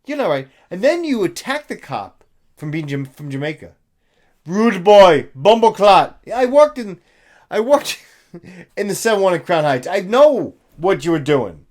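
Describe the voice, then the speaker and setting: A man's voice: high voice, sing-song, normal speed, darkish tone. A middle-aged man giving blunt, profane reaction commentary in a lecturing tone.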